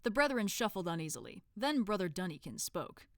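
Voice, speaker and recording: A woman reading a novel aloud on a stream, relaxed and amused, on a close home mic. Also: mid-range voice, a little fast, hardly any pauses, no echo.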